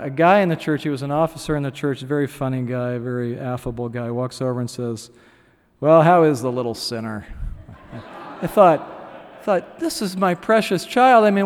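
Middle-aged male pastor, fairly high voice, chatty sermon delivery, long hall reverb. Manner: conversational preaching with asides and dramatized quotes.

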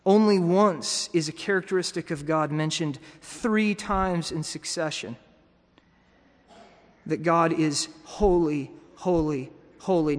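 Man preaching a sermon in a hall. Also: sits high. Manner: teaching, with frequent restarts and repeated words.

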